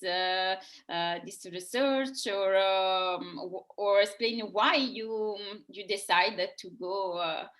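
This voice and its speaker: A woman's voice: medium pitch, a bit bright. A woman hosting an interview in English, hesitant and full of fillers. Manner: hesitant, many fillers, non-native English. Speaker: interview host. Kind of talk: casual interview.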